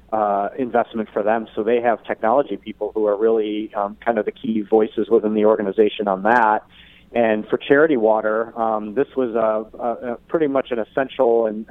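A man guesting on a radio show, explaining things in a measured way with many fillers, heard over a phone line. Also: fairly low pitch, no room sound. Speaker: guest expert. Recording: tinny phone line, dry.

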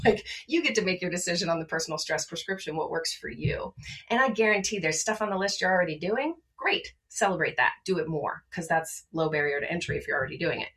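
A woman from Maryland, a podcast guest talking about wellness, energetic and emphatic, often tacking on a rhetorical "right?". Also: fairly low pitch, fast talker. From Maryland, USA. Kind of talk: podcast conversation.

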